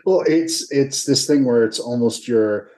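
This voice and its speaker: A man's voice: medium pitch, a little slow, mellow. An American man interviewing a film director, enthusiastic and conversational. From United States. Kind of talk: casual interview chat.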